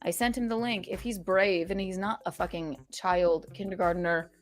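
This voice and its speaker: A woman hosting a casual livestream podcast, reading super chats aloud and venting sarcastically, swearing freely and swinging from loud outbursts to low mutters. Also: steady tone, normal speed, faint music behind. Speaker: streamer and podcast host.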